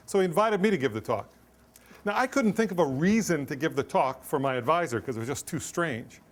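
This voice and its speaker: Middle-aged guy lecturing a class, kinda high voice, cracks jokes and keeps it moving. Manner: joking, self-deprecating, brisk. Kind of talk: academic lecture with jokes and anecdotes.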